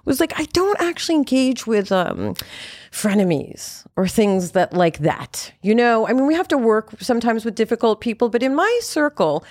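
A woman's voice: fairly high pitch, very animated, moderate pace, darkish tone, dry recording, clean studio sound. A woman in her fifties hosting a podcast, talking frankly and animatedly, with frequent swearing. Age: 50s. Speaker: podcast host. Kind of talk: candid conversational chat.

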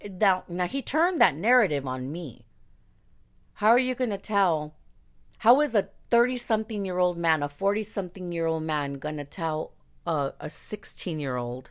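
Woman, deep voice, fry, blunt, outspoken, candid personal story. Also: expressive, normal speed. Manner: blunt, outspoken, swears freely. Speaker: singer recounting her career.

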